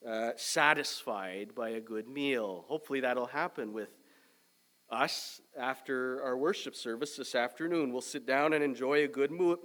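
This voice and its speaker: A man preaching a sermon as pastor, measured and emphatic, with a young son. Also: medium pitch. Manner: measured preaching, loud emphatic start easing to quieter reflective tone.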